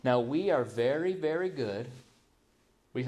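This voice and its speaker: Male pastor, middle-aged, a sermon with a slightly high voice, chatty, asks the room questions, mimics excuses. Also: sing-song, normal speed, pauses often, darkish tone. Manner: conversational, asks the audience rhetorical questions; acts out quoted excuses in a mocking voice.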